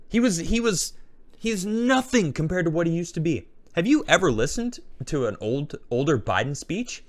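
A man's voice: a little high, big pitch swings, moderate pace, no room sound. A man hosting a show, chatting casually and rambling as he reacts to memes one after another. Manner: rambling, chatty, thinks aloud. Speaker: host.

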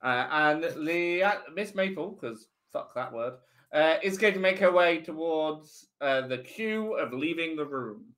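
A man narrating a tabletop game as game master, relaxed and often laughing. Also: a little high, unhurried. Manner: relaxed, laughing, many fillers.

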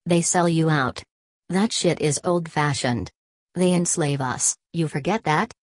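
A woman's voice: sits low, unhurried, no echo. A woman voicing a raging stocky street agitator. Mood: raging, pleading. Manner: ranting, pleading, clipped dialect speech. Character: stocky fiery male street agitator, sobbing with rage. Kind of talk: audiobook character voice.

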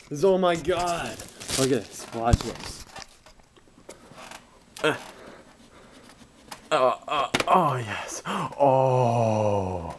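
A young man filming an excited unboxing vlog, swinging from shrieks of joy to hushed murmurs. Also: mid-range voice. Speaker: gaming YouTuber. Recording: noisy home recording.

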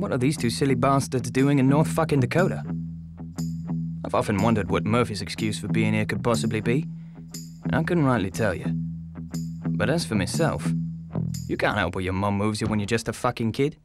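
A man's voice: fairly low pitch, lively intonation, moderate pace, long pauses, close to an everyday voice. An actor with a British accent playing a cocky small-time crook who narrates his story cheekily and with lots of swearing. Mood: cheeky. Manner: cheeky, profane storytelling to the audience. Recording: music behind.

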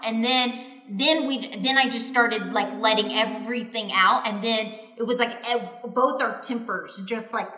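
A young woman tells a candid personal story in a bright, high-ish voice, full of "she goes" and "I was like." She sounds like she is in an echoey room. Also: brisk, hardly any pauses. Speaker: co-host of a couples channel.

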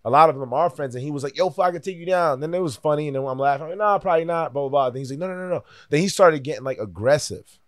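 A man in his thirties telling a story casually on a podcast, animated and acting out other people's lines. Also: fairly high pitch, racing. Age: 30s. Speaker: podcast host and fighter.

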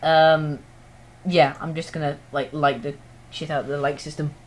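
A man's voice: on the high side, level tone, moderate pace, a little hiss or hum. A teenage boy, rambling through a casual home vlog recorded on an iPod, giggly and self-mocking. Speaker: vlogger.

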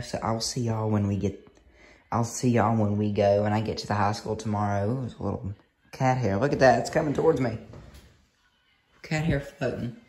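A young man, vlogging casually to camera, excitable and rambling with restarts. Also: mid-range voice, slight background noise. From United States.

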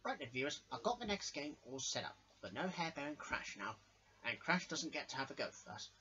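A man's voice: on the high side, sing-song, brisk, pushed and bright, lo-fi sound. Man hosting a toy show. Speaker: show host and director.

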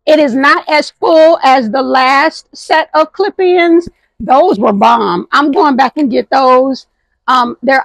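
A slightly hoarse woman hosting a casual vlog, lively and affectionate, who calls her viewers honey, recorded outdoors on a patio at night. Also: high voice, dry recording, rough recording. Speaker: thrift and home vlog host.

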